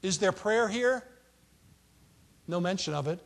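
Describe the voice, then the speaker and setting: A high-voiced man preaching as a pastor, chatty and playful, slipping into little voices for the people in the story. His voice rings out with a long reverb, as in a large hall. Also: expressive, a little slow, gravelly. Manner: conversational, joking storyteller acting out quotes. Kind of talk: sermon.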